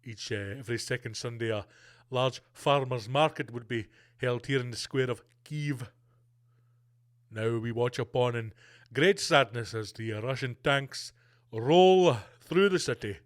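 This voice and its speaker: A man playing a solemn male TV war correspondent reporting on the scene in a grave, hushed tone. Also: mid-range voice, a little slow, no room sound, studio quality, pitched below the performer's own voice, natural voice.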